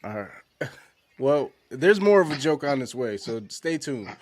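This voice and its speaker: A man's voice: mid-range voice, sing-song, a little slow, a little mellow, dry recording. A man hosting a casual panel podcast, laid-back and slangy, often laughing while he introduces clips. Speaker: podcast host.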